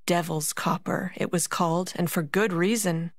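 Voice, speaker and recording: A woman narrating a fairy tale for a concert, slow and deliberate with dramatic pauses. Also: fairly low pitch, fairly even intonation, no echo, clean studio sound. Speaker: narrator and puppeteer.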